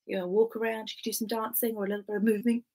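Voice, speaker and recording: A woman's voice: mid-range voice, level tone, very fast, dark tone. A woman at home leading an interactive children's story time, coaxing and talking straight to the kids.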